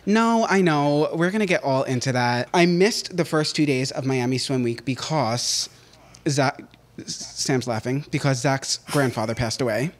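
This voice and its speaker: A man co-hosting a podcast in casual chat, rambling through stories with sudden jumps in pitch and loudness. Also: unhurried. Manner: rambling, chatty storytelling. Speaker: podcast co-host.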